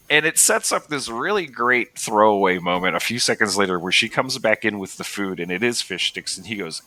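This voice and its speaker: A man co-hosting a podcast, chatting casually and excitedly about a movie, swearing and acting out scenes. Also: medium pitch. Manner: excitable, swears, acts out scenes in quick voices. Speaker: podcast co-host. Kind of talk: casual movie review chat.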